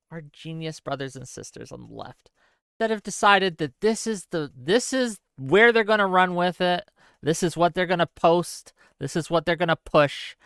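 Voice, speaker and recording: A man hosting a livestream, ranting sarcastically while reading chat messages. His voice is bright and crisp and rises and falls a lot. He sounds exasperated, and the close mic is dry. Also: a little high, dry recording. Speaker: streamer host.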